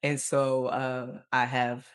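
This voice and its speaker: A man, a teacher co-hosting a podcast, telling stories in an animated way over a video call, laughing often and going high when quoting. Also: slow pace, clean tone. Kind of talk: casual storytelling.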